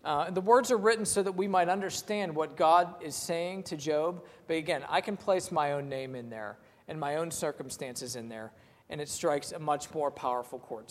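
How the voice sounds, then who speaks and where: Conversational preacher in a reverberant room. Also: male voice, on the high side. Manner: conversational, plain-spoken, reads scripture aloud slowly. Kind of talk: sermon.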